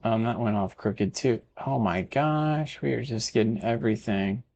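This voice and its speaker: A man's voice: on the low side, moderate pace, vocal fry, a little mellow, muffled recording. A man from Texas giving casual let's-play commentary as he builds a city, chatting and muttering to himself. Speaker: gaming video host.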